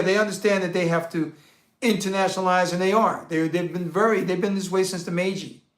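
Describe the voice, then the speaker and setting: A man hosting a casual monologue, answering viewer questions in a blunt, profane, rambling and animated rant. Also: high voice. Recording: roomy echo.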